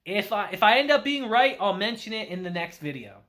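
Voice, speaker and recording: A man's voice: high-pitched, fairly quick. A man reviewing an anime, casually recapping the episode and acting out the characters' quotes. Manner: animated storytelling with acted-out quotes.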